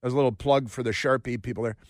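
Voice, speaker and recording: A man's voice: mid-range voice, steady tone, fast talker, no room sound, studio quality. Sarcastic male talk radio host. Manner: sarcastic, rambling, mocking. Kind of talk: opinionated radio monologue. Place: radio studio. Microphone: studio microphone.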